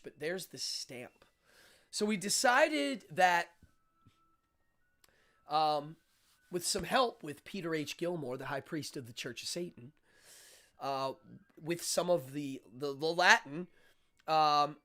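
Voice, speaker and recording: A man's voice: sits high, fairly bright tone. A man hosting a live-stream show, talking casually and rambling with frequent fillers and restarts.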